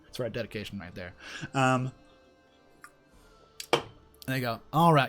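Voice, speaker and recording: A man's voice: mid-range voice, animated, unhurried, a bit bright, soft background music. A man running a solo tabletop game as game master, loose and joking with frequent laughs.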